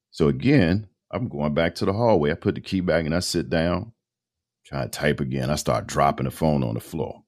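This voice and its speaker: Very deep-voiced man telling a story. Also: a little fast. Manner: animated storyteller, acts out quoted dialogue, casual slang. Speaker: podcast guest, voice-over artist. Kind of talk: casual storytelling interview.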